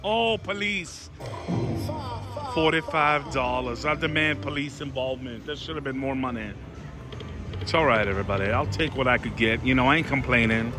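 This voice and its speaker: A man vlogging at slot machines, talking to his viewers with sudden excited outbursts. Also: mid-range voice, normal speed. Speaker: casino vlogger. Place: casino floor. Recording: loud music behind voice. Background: loud casino machine music.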